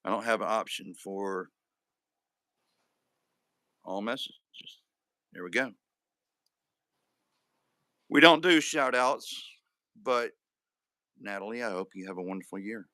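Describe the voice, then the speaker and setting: A man's voice: lowish voice, takes it slowly, pauses often, pushed and bright, no room sound. Joking man hosting a live stream. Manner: joking, reads out viewer comments. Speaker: livestream host. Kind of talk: casual live-stream chat.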